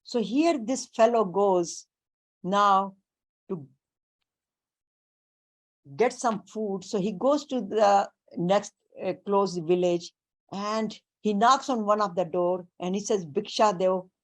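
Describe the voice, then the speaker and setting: Woman spiritual teacher, talks real slow and careful, mid pitch. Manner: slow, deliberate, mixing in Sanskrit and Hindi terms. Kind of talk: spiritual talk on scripture.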